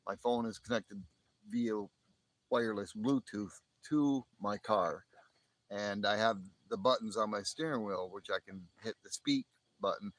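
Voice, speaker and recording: Chuckling frequently and starting sentences over, a livestream host from the northern United States close to the Canadian border rambles on casually. He has a fairly low, slightly bright voice, captured in a low-quality recording.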